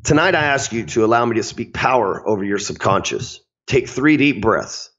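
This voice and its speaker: A man putting on a deep, slow, smooth soul-crooner voice to read affirmations in a hypnotic way. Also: lively intonation, fairly bright tone, lo-fi sound. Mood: soothing, hypnotic.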